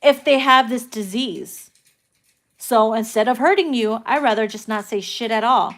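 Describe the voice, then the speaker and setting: A woman's voice: on the high side, normal speed, fairly bright tone. A woman doing a casual tarot reading, brash and profane, laughing often as she talks. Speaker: tarot reader.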